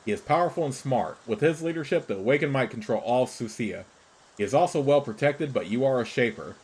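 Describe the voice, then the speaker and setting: A man voicing a sly creature spy in a fantasy game, speaking in measured, formal, persuasive sentences. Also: mid-range voice, animated, darkish tone, husky, rough recording. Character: sly scheming creature spy urging betrayal.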